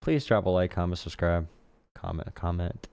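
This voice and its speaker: A man talks casually to his live-stream audience, blunt and mocking, often repeating his points. His voice is low and smooth, and the recording is dry, with no room sound. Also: moderate pace, darkish tone, no room sound. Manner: blunt, sarcastic, repeats himself. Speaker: streamer host.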